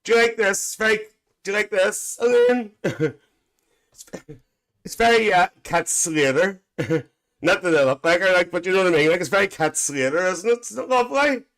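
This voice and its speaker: A cheeky, gossipy Northern Irish aunty, played by a man, holds court on a live stream, her Northern Irish accent thick and her voice pitched up high. She chatters bawdily and cackles at her own jokes between greetings to her viewers. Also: normal speed, pauses often, fairly bright tone. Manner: chatty, bawdy, cackles constantly. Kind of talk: live-stream banter in character.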